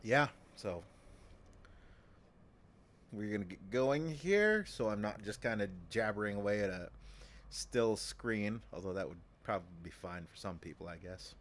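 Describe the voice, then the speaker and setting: A man casually commenting while he plays a game on stream, sometimes dropping into a low, menacing voice. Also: lively intonation, a little slow. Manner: low, muttered mock-villain asides.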